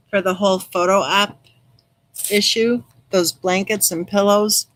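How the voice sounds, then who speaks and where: With a medium-pitched voice on a rough recording, this middle-aged true crime channel host keeps her live stream casual and chatty. She reads comments from the chat aloud and answers viewers warmly by name.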